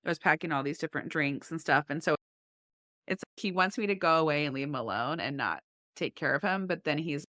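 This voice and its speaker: A woman co-hosting a podcast, telling family stories with lively quoted dialogue. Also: low-pitched, fairly quick, no echo, clean studio sound. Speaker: podcast co-host. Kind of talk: casual chat.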